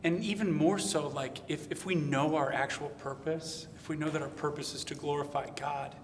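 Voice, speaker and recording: A man's voice: on the high side, steady tone, moderate pace, slight background noise. A man speaking up in a class discussion, thinking aloud and saying "like" often. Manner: thoughtful, searching, uses "like" often. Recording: reverberant room from a distance.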